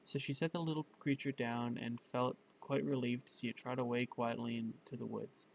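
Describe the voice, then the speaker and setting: Guy reading a bedtime story out loud, gravelly voice, trips over words and fixes them. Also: mid-range voice, little pitch movement, moderate pace, few pauses, a little hiss or hum, rough recording. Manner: stumbling, self-correcting read-aloud with fillers.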